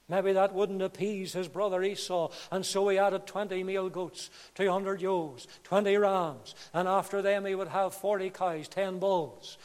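High-voiced preacher in an echoing hall. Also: male voice. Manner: impassioned, swinging between hushed and loud. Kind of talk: sermon. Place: church. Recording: reverberant church hall.

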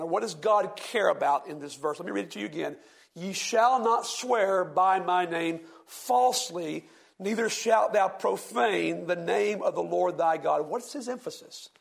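A man preaching a sermon, slowly reading scripture with heavy emphasis and asking his listeners questions. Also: high-pitched, creaky. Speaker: pastor.

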